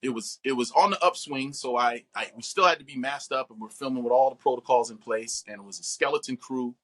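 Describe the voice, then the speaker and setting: A middle-aged man, an actor, talking animatedly in an interview and acting out quoted voices. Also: brisk. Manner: expressive, acts out quotes with big pitch jumps.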